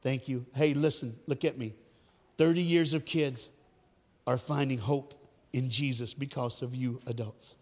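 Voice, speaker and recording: Male guest speaker, lively and playful sermon delivery, long hall reverb. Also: medium pitch, unhurried. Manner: lively, joking, direct addresses to the crowd. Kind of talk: storytelling sermon to a youth crowd. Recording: echoey hall.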